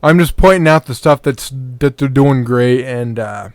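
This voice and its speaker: A man's voice: medium pitch, normal speed, darkish tone, no room sound. A sleepy man hosting a podcast, giving casual, rambling commentary on a match and swearing now and then. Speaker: podcast host.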